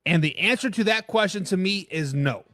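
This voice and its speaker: Opinionated high-voiced man talking sports. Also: brisk, dry recording, clean studio sound. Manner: opinionated, reads and answers live chat; stumbles and repeats words when excited. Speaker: sports talk show host. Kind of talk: live-streamed casual sports talk.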